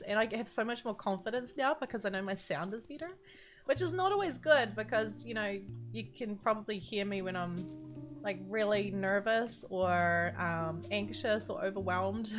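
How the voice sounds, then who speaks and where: Over background music, a woman with a New Zealand accent chats casually on a live game stream, her voice medium in pitch and her pace moderate. She rambles and giggles often, speaking into a standalone studio mic.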